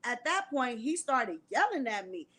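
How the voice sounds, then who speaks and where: Woman reading court stuff out loud to her viewers, pretty high voice, casual and chatty. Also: sing-song, normal speed. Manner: breaks into laughter while reading, talks to viewers as y'all; prays aloud for composure. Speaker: commentator reading court testimony. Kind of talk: casual reading and commentary on camera. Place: at home, alone on camera.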